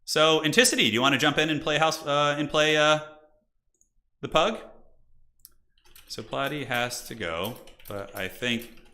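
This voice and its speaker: A young man hosting a live game stream, chatting casually and excitably with viewers and often laughing. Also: on the high side, unhurried, pauses often. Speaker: streamer hosting multiplayer matches.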